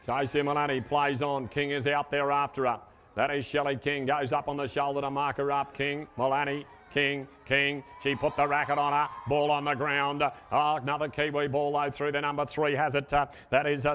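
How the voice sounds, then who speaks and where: A man giving live play-by-play commentary on a horseback ball game, calling names quickly with fillers and rising to shouts at goals. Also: a little high, smooth. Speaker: sports commentator.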